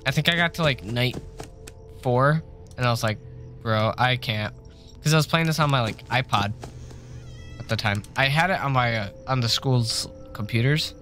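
With faint music playing behind him, a young streamer talks to viewers at his desk microphone while working through a horror game. He jokes, curses a lot, and gets jumpy when frightened, speaking in a bright, forceful mid-range voice at a moderate pace with frequent pauses.

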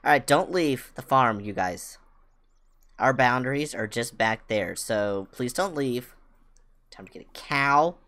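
Low-voiced woman streaming a game, swings way up when she's excited, talks kinda slow. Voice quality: low voice that jumps high with excitement. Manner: cooing at animals, reading aloud, chatting with viewers. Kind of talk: casual gameplay chat.

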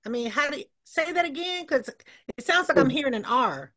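Higher-voiced woman student, curious and tentative. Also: animated, fairly quick, a bit bright. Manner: inquisitive, tentative on new words. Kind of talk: online class participation. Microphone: video call.

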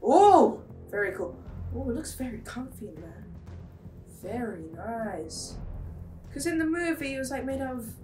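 A woman playing a VR game who chats to herself in an excitable way, with many exclamations, recorded from a distance in an echoey room. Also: a little high, moderate pace, faint music behind. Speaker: gamer streamer.

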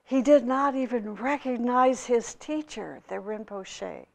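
A woman spiritual teacher giving a storytelling talk in a slow, measured way. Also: on the high side, gravelly, a little mellow.

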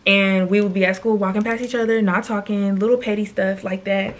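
A woman's voice: mid-range voice, little pitch movement, a little fast, a little hiss or hum. A woman in her twenties telling a personal story to camera in a chatty, slangy way, often turning aside to address viewers. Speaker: storytime vlogger.

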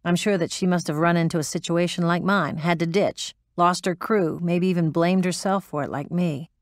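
A woman voicing a hardened former military pilot, blunt and profane, defensive when pressed. Her voice sits low for a woman, recorded dry and close for an audiobook drama. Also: steady tone, normal speed, no echo, natural voice. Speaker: interviewee.

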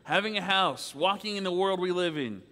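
A man's voice: sits high, animated, moderate pace, bright, forceful tone. A man preaching a sermon as pastor, earnest and conversational, often checking in with "right?". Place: church sanctuary. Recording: long reverb of a church hall.

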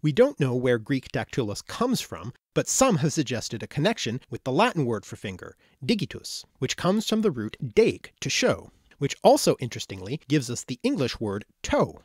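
Lively-voiced man explaining word histories. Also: mid-range voice, moderate pace, hardly any pauses, breathy edge, no room sound, clean studio sound. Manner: precise, explanatory, careful over foreign terms. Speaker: educational video host. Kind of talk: scripted etymology lecture narration.

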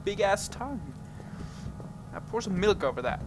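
A man's voice: high voice, very animated, moderate pace, music in the background. A man giving casual, goofy gameplay commentary, joking and laughing at his own jokes. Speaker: let's play gamer.

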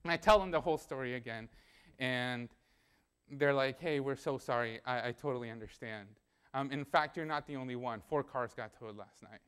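A man's voice: medium pitch, normal speed, fairly bright tone, clear, resonant tone. A young man preaching a sermon in a church, telling a personal story in a conversational way and acting out the dialogue.

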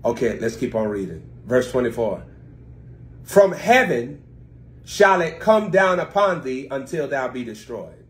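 A man preaching over a live stream, his voice sitting in an ordinary middle register. He reads verses slowly, then breaks into loose, chatty explanation aimed at his online viewers, rising sharply and louder when he presses a point. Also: medium pitch, sing-song. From United States. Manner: reads scripture slowly, then explains it with sudden loud swings.

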